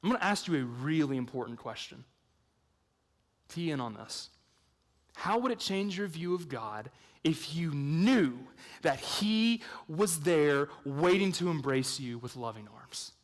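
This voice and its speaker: Man preaching, higher voice, hushed then emphatic, long hall reverb. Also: lively intonation, a little slow. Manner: swings between hushed intensity and loud emphatic points; conversational storytelling with fillers. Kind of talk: evangelistic sermon.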